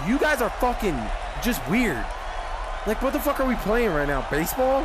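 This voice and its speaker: Profane young man yelling at a football game. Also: high voice, sing-song, moderate pace. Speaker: gaming streamer. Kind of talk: gaming commentary. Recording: loud game crowd and noise. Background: loud video game stadium crowd.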